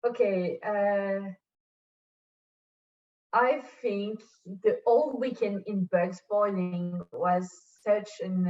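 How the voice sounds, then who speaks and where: A woman's voice: medium pitch, darkish tone. French woman on a distant, dull call line. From France. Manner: halting, searching for English words. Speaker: podcast guest. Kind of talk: casual interview chat.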